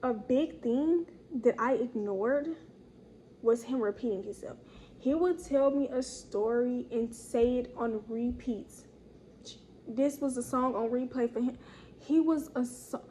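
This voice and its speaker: Young woman storytiming, kinda high voice, slangy and animated, lil hiss in the background. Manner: animated, slangy, acts out quotes in higher voice. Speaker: storytime vlogger. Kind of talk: casual storytelling.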